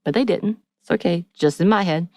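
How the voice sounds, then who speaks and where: A woman's voice: lowish voice, fairly quick, dry recording, studio quality. A woman co-hosting a podcast, recapping a TV episode in casual chat and acting out the characters' lines as she goes. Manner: lively storytelling, acts out characters' lines. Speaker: podcast co-host.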